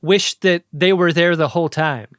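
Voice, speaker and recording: A man chats as a podcast co-host, his voice sitting a touch high. He talks in an animated, jokey way and drops into quick impressions. The sound is dry and close, with no room around it. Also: clean tone, no room sound. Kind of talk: casual chat.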